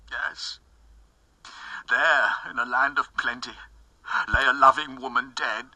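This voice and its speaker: A man's voice: on the high side, takes it slowly, creaky, bright, forceful tone, breathy edge, dry recording, poor audio. A man giving a dramatic poetry recitation, impassioned, dropping to whispers and rising to anguished cries. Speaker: poetry reader.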